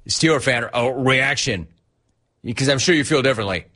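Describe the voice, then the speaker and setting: A man hosting a sports talk show, teasing and animated, reading out chat and laughing often. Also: mid-range voice, normal speed.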